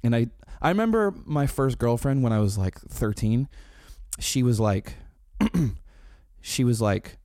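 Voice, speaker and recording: A man in his thirties chatting casually, telling animated stories full of swearing, laughs and quoted impressions. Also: mid-range voice, a little slow, no room sound, studio quality. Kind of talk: casual chat.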